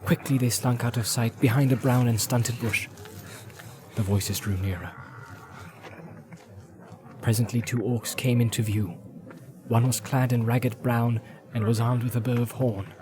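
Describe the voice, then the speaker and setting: A man narrating a fantasy audiobook in a measured storytelling way. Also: mid-range voice, steady tone, crowd noise.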